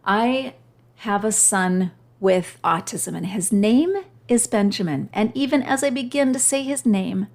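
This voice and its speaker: A woman's voice: mid-range voice, a little slow. A middle-aged woman hosting her own podcast, telling a personal story in a heartfelt, emotional way. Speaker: podcast host.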